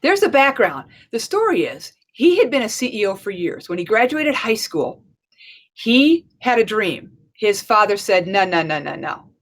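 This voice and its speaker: This middle-aged woman, a life and leadership coach, speaks a little slowly in a fairly high voice during a conversational conference talk. Lively in manner, she recounts a story and plays out its lines of dialogue.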